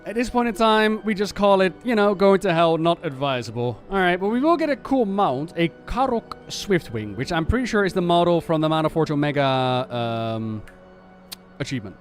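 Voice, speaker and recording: A man streamer chatting casually about game lore in an animated, ranting and profane way. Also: sits high, normal speed, soft background music.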